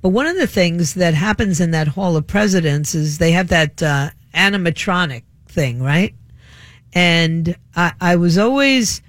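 A woman's voice: lowish voice, lively intonation, unhurried, no echo. An older woman hosts a radio talk show in a loose, rambling, chatty style, drifting through memories as she talks. Her voice is close and dry on a studio microphone.

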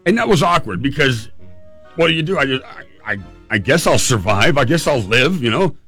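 A man hosting a talk radio show spins a goofy childhood tale with real relish. His pitch leaps and dips all over as he acts out the moments. Faint music plays softly behind him. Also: moderate pace, breathy edge. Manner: lively, playful storyteller who acts out moments. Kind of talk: animated personal storytelling.

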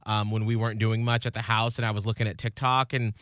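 A man chatting casually as a podcast co-host, his voice bright and forward. He gets animated and breaks into excited outbursts. The sound is dry and close. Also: on the low side, fast, dry recording. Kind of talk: casual chat.

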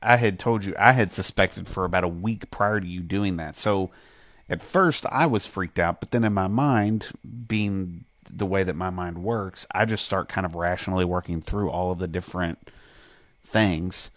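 A man in his thirties with a very deep voice talks in casual chat. He explains things calmly and methodically. The recording is dry. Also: moderate pace, no echo. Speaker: husband.

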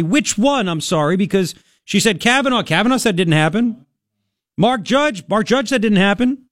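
A man's voice: sits high, animated, normal speed, dry recording. A man hosting a talk radio show, ranting in a sarcastic, mocking and exasperated way. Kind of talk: opinionated talk radio monologue. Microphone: studio microphone.

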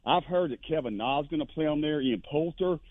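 A man calling in to a sports radio show, telling stories in an animated way with voices for the people he quotes. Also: on the high side, fairly quick, no echo. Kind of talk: casual storytelling on a phone line. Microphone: telephone. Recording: tinny dry phone line.

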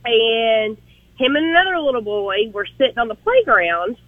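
A woman's voice: a little high, big pitch swings, normal speed, no room sound, narrow, tinny audio. A woman calling a radio show to tell a funny story about her young son at daycare. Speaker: caller. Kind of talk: telling a story on a call-in show.

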